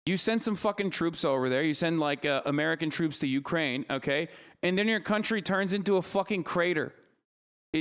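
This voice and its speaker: A man streaming live, ranting heatedly about politics, cursing freely and answering his chat. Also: a little high. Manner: heated, profane, argumentative. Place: streaming studio.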